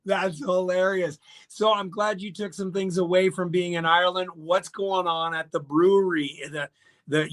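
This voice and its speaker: A man hosting a casual radio chat show, animated and joking, reacting quickly to his guest. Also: a little high. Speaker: radio host. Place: radio studio.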